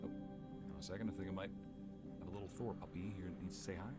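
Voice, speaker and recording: Deep-voiced man chatting on a live stream. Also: steady tone, quick pace, loud music behind the voice. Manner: chatty, greets viewers by name, laughs easily. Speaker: streamer and narrator. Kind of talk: casual live-stream chat. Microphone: desk microphone at home streaming setup.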